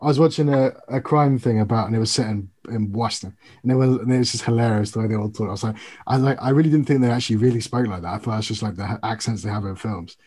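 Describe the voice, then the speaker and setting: A man's voice: lowish voice, fast talker, husky. A young man from the UK chatting casually about sport, telling stories and explaining at length. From United Kingdom. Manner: animated storytelling, explains at length. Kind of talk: casual chat.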